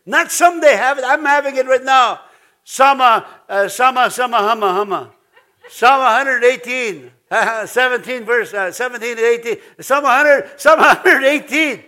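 High bright-voiced preaching man. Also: moderate pace. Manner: chatty, laughing, frequent restarts. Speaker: pastor. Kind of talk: informal sermon.

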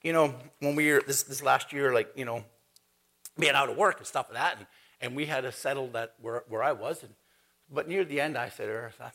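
A man preaching a sermon in a conversational, animated way, quoting scripture and talking to the congregation. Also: medium pitch, a little fast, creaky.

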